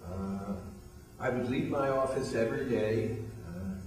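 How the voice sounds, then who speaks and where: A man's voice: mid-range voice, animated, unhurried, darkish tone. Older guy spinning a story on a talk show, voices the other people's lines, sounds kinda far off in a big echoey room. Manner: anecdotal, acts out quoted dialogue. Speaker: guest, weight loss program founder. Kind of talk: storytelling interview.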